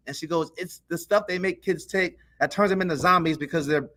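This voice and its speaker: A man on a podcast telling a childhood story in a casual, animated way, acting out the voices of the people in it. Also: sits high, a little fast, a little hiss or hum. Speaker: podcast co-host.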